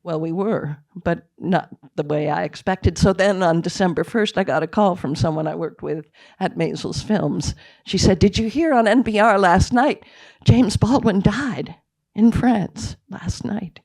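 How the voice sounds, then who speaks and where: An older woman, a film director, telling a story in a Q&A after a screening, halting and emotional at times. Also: lowish voice, creaky, darkish tone, no echo.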